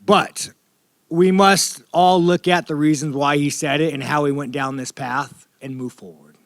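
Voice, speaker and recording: Brief: man in his thirties, fighter at a media scrum, profane and rambling, slightly high voice, dry sound. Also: steady tone, measured pace, no echo.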